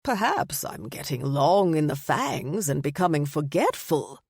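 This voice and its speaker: A woman voicing a suave old male vampire pub owner with a British accent, polished and gently joking. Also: deep voice, big pitch swings, measured pace, creaky, breathy edge, no room sound, clean studio sound, heavily acted. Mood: wistful.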